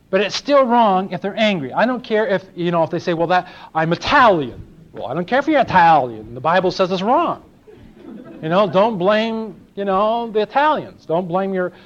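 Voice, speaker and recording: An older man from Los Angeles preaching a sermon in a conversational way, asking his congregation questions and acting out small exchanges. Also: sits high. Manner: conversational, asks the congregation questions, acts out little dialogues. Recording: dull lo-fi sermon recording.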